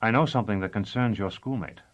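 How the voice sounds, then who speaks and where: A man's voice: fairly low pitch, fast talker, muffled recording, natural voice. A man reading an audiobook, voicing a young exiled executioner who speaks politely, eagerly and with deference. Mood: deferential.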